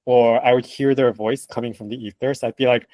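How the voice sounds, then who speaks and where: A man who translates books, chatting as a guest in an interview, animated and laughing often with lots of fillers. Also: medium pitch, a little fast, no room sound. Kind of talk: casual interview conversation.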